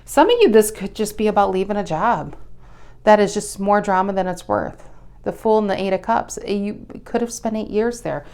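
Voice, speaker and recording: Smooth-voiced, blunt woman tarot reader. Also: mid-range voice, lively intonation, moderate pace, a little mellow. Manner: blunt and chatty, swears casually, restarts often. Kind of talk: casual tarot reading to camera.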